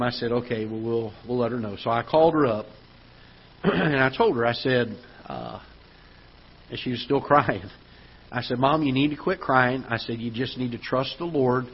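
Male pastor, husky voice, storytelling sermon that turns emphatic; dull live church feed. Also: medium pitch. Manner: storytelling, rising to emphatic preaching. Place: church auditorium.

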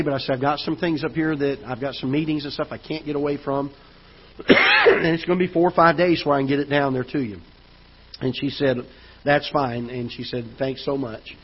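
In a church auditorium, an American pastor with a Midwestern accent tells a personal story during his sermon, often restarting and repeating words. His voice is fairly high and husky, and the broadcast recording sounds dull and lo-fi.

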